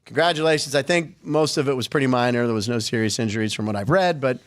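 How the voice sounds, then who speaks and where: A man's voice: medium pitch, quick pace, smooth. A man hosting a sports podcast, chatting casually with wry, sarcastic asides.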